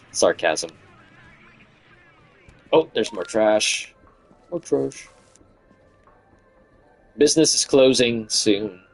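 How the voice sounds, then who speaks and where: A man's voice: fairly low pitch, animated, very slow, gravelly, pauses often, faint music behind. A man streaming a game with casual chatty commentary, laughing often and humming along, his voice tired after hours of talking. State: voice fatigue.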